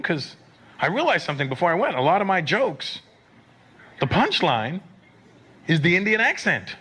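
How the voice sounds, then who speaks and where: Animated North American male stand-up. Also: high-pitched, normal speed, pauses often, a little hiss or hum. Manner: animated storytelling with swearing asides. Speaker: stand-up comedian. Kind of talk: stand-up comedy.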